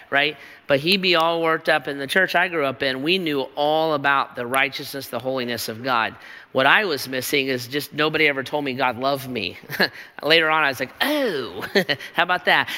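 A man's voice: a little high, bright, forceful tone, long reverb tail. A man pastor preaching a sermon in a church, with an emphatic, repetitive rhetorical cadence.

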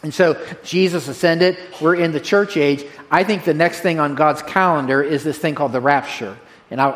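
A man preaching a sermon to his congregation in a direct, energetic, folksy way, repeating key phrases. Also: fairly high pitch. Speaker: pastor.

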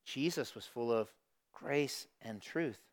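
A middle-aged man preaching a sermon as pastor, swinging from hushed asides to loud emphatic lines. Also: medium pitch, slow pace.

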